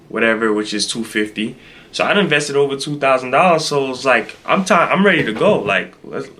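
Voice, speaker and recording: A man vlogging casually, telling a story in an animated, exasperated way and repeating himself for emphasis. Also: mid-range voice.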